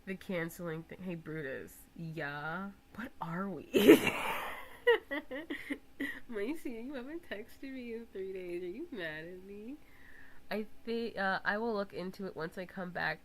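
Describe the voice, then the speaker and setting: A young woman live streaming, chatting casually and teasing her viewers, breaking into loud laughs. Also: mid-range voice, moderate pace, a little hiss or hum, poor audio.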